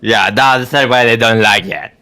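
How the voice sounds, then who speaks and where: A man's voice: lowish voice, a little slow, sharp tone, smooth. A man playing a tabletop game, giving short, laid-back replies. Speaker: player.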